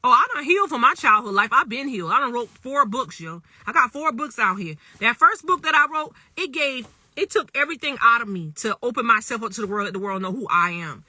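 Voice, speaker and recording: A woman in her thirties speaks straight into her phone on a live stream. Her voice is very bright and cutting, and she talks in an emphatic, repetitive way, often checking in with her listeners. The sound is dry and close, with no room around it. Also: fairly high pitch, animated, brisk, hardly any pauses, no room sound. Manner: emphatic and repetitive, often asks "you know what I'm saying". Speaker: livestream host talking to viewers. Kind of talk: casual livestream monologue.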